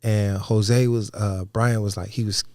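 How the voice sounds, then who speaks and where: A man telling a story in a casual chat, animated, quick in bursts and swearing freely, on a close, dry mic. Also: lowish voice, no echo. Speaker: podcast guest.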